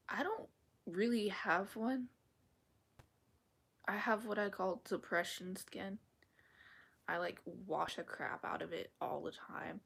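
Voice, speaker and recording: A woman's voice: mid-range voice, creaky, a bit bright. A woman chatting casually with her viewers on a live stream from her bedroom, rambling and often slipping into a whisper. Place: bedroom at home.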